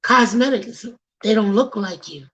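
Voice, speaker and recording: A Bronx woman with a New York accent hosts a talk show, preaching emphatically in a sermon-like monologue and addressing listeners in a slangy, direct way. Her voice is medium-pitched and a little slow, and the audio is poor.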